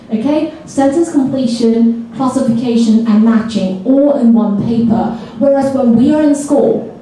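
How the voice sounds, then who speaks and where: A woman's voice: a little high, mellow, slight background noise. A woman presenting a training seminar to teachers. She keeps checking in with "okay?" and acts out how students react. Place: school hall or classroom. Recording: echoey room, voice from far off.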